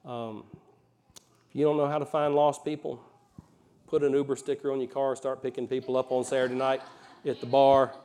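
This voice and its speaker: A man's voice: medium pitch, level tone, moderate pace, long pauses, darkish tone. A man from Alabama with a mild Southern accent delivers a sermon in a conversational, folksy way. His voice sits in a middle register. He leans into key phrases with rising emphasis. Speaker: pastor.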